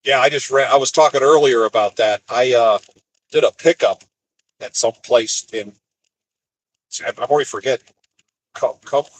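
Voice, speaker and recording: A man from the United States, an expedite van driver, casually telling rambling stories from the road and jumping into higher voices when he quotes people. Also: moderate pace, pauses often, low-quality recording. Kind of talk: casual storytelling.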